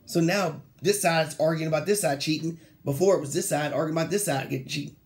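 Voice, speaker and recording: A young man hosting a sports talk show, ranting casually with slang, laughing mid-sentence and mocking quoted players in a lower voice. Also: quick pace. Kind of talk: casual solo sports rant.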